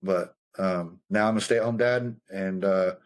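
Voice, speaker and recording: Profane, animated male army veteran storyteller. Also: deep voice, a little slow. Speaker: guest, combat veteran. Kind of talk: casual storytelling conversation.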